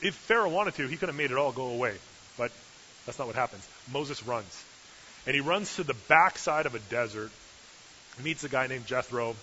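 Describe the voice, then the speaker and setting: Forceful male preacher, joking sermon. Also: mid-range voice. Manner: humorous, sarcastic asides. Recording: dull lo-fi recording with hiss.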